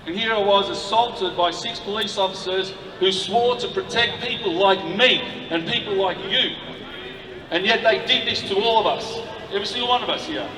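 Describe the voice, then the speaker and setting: Man, high-pitched and indignant, speaking to a night protest crowd from a far mic. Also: normal speed. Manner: emotional, indignant. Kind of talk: impassioned outdoor speech to a crowd. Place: city street at night, outdoors. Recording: echoey, distant street recording with noise.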